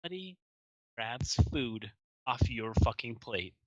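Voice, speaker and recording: A man's voice: mid-range voice, animated, a little slow, no echo, muffled recording. A laid-back, plain-spoken man talking as a guest on a casual podcast. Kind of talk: casual chat.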